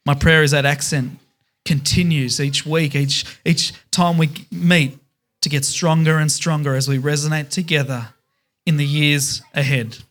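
A man's voice: on the high side, fairly even intonation, unhurried, fairly bright tone. A man preaching a sermon as pastor, emphatic, stressing words in repeated lists.

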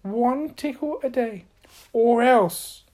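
A woman's voice: sits high, very animated, measured pace, voice pushed up, poor audio. A woman voicing a cheerful, bossy little girl who commands things with magic, in a storybook reading. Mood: brisk. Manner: bright, commanding one-word spells.

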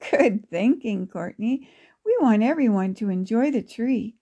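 A woman voicing a kindly grandmother who talks in a gentle, encouraging way. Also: a little high, expressive, a little slow, slightly rough, exaggerated voice. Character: kindly, warm-hearted grandmother.

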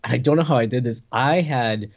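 A man's voice: medium pitch, normal speed, lo-fi sound. A man co-hosting a podcast, chatting casually and recapping movie scenes with frequent laughter. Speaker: podcast co-host reviewing a movie. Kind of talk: casual chat.

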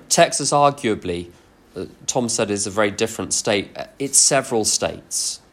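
A man's voice: fairly low pitch, animated, normal speed, fairly bright tone. A man giving a recovery workshop talk, frank and self-deprecating, mixing personal anecdotes into his teaching. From England.

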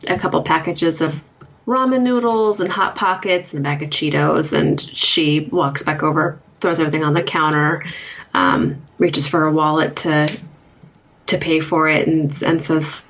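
A woman's voice: low voice, steady tone, normal speed, a bit bright, a little hiss or hum. A woman playing a tabletop game, describing her character's moves in a hesitant way, with many fillers. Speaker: player. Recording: dull lo-fi sound.

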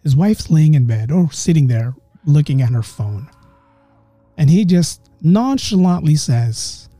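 A man tells a ghost story on his podcast, his voice very dark and mellow and sitting a touch high. He chats straight to his listeners and slows down to build suspense. The sound is close and dry, with faint music behind. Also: big pitch swings, no room sound. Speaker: podcast host. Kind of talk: casual ghost story telling.

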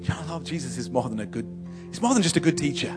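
A man preaching a sermon in church, emphatic and repetitive, stammering on restarts and swinging between loud exhortation and soft, slow moments. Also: mid-range voice, expressive, loud music behind the voice. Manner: emphatic, repeats and builds phrases, stammers on restarts.

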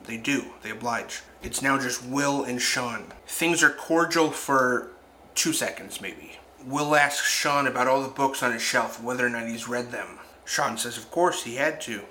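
A man talks through a film's scenes in a casual review, pausing for reflective asides. His voice is mid-pitched and bright with a forceful edge. A faint background hiss sits under the recording. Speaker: film reviewer. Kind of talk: casual film review narration.

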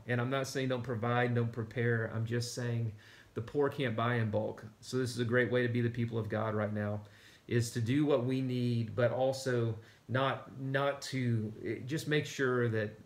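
Earnest pastor preaching warmly. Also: male voice, medium pitch, fairly even intonation, moderate pace. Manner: earnest and conversational, rising to emphatic calls. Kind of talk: livestreamed sermon.

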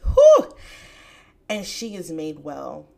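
Animated woman sharing faith talk. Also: deep voice, a little slow. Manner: animated, chatty, bursts of excitement. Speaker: podcast host. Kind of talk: casual faith podcast talk.

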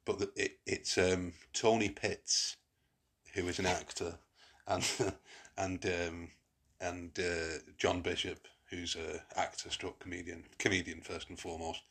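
Guy hosting a chatty podcast, really low voice, kinda husky, keeps restarting his sentences. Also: level tone, unhurried, fairly bright tone. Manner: rambling, many restarts and fillers. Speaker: podcast host. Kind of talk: casual chat.

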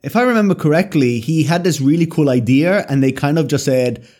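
A man from Italy co-hosts a casual podcast, his voice sitting somewhat high. He gives measured, opinionated commentary in an easy conversational way. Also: lively intonation, a little mellow. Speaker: podcast co-host.

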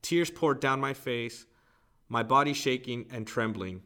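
Male host, mid-pitched, reads a poem and book excerpt in a measured, reflective way. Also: pushed and bright. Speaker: podcast host.

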